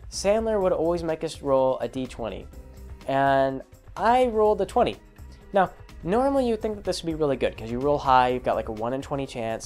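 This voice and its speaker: A man's voice: fairly high pitch, darkish tone. A man casually retelling a tabletop game campaign, rambling and amused with many fillers. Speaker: storyteller. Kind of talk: casual storytelling vlog.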